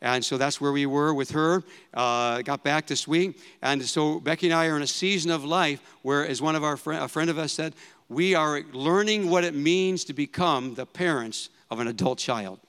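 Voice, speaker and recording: A man's voice: fairly high pitch, normal speed, a bit bright, clear, resonant tone. A man in his fifties preaching a sermon in a conversational way, repeating phrases for emphasis. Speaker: pastor. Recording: long hall reverb.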